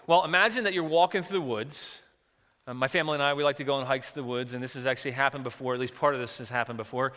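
A man's voice: medium pitch, fairly even intonation, rapid-fire, fairly bright tone, big-room sound. A man preaching a sermon as pastor, earnest and vivid as he tells a story and prays.

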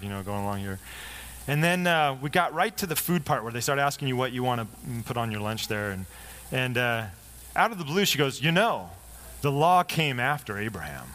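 Man pastor telling a story in a sermon. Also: medium pitch. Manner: conversational storytelling, lively quoted dialogue.

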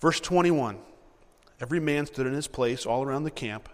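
Animated preacher man in an echoing hall. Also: medium pitch, normal speed. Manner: animated, repeats himself, acts out scenes. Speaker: preacher teaching a Bible passage. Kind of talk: sermon with verse reading.

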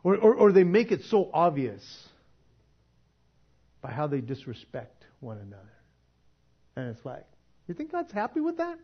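Male preacher, casual sermon, chatty and emphatic, slightly high voice, dull lo-fi recording. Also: wildly swooping pitch, normal speed, long pauses, breathy edge. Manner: conversational, laughs often, swings from quiet to emphatic.

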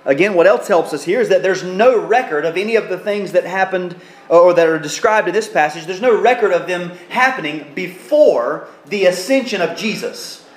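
A man's voice: high-pitched, animated, normal speed, reverberant. A pastor preaching an expository sermon in an earnest teaching tone, and he acts out the quoted speech.

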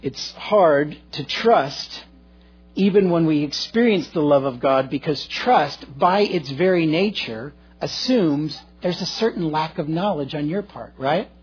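A middle-aged male pastor preaching a sermon, telling a story earnestly and swinging between loud and hushed delivery. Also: fairly high pitch, animated, a little slow, breathy edge. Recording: dull lo-fi recording.

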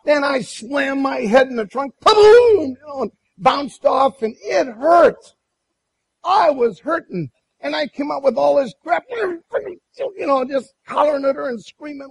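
A man preaching a sermon and telling a personal story in an animated way, with many restarts. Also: very high-pitched, a little slow, vocal fry, low-quality recording. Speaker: pastor.

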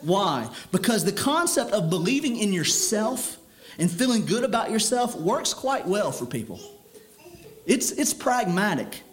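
A man's voice: high-pitched, sing-song, a little slow. A man preaching a sermon in an earnest, stern way, often repeating words as he builds his point.

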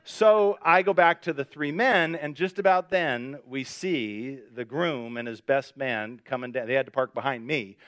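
A man's voice: medium pitch, unhurried, few pauses, fairly bright tone, no echo. A middle-aged man preaching a sermon, telling a personal story with self-mocking humor and acting out the voices in it. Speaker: pastor.

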